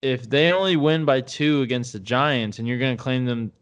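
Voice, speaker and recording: A man's voice: medium pitch, moderate pace, clear, resonant tone. A man co-hosting a podcast, chatting casually about sports in a rambling, hesitant way with many fillers and restarts. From Tampa Bay area, United States. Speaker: podcast co-host.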